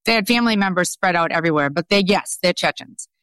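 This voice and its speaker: Middle-aged Boston woman, interview guest; smooth, resonant, pointed and skeptical. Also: on the low side, fast, fairly bright tone, no room sound. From Boston, USA. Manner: emphatic, skeptical, conversational with fillers. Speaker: guest journalist. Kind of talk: podcast interview.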